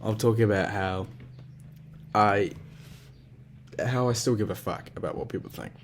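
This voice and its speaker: A young man talks through his own thoughts in a loose spoken journal, circling back on himself as he goes. His voice sits a little low. His speech is packed with slang and casual swearing, and it sounds unscripted and self-searching. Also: unhurried, a little hiss or hum. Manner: rambling and self-reflective, with heavy swearing and slang. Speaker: vlogger.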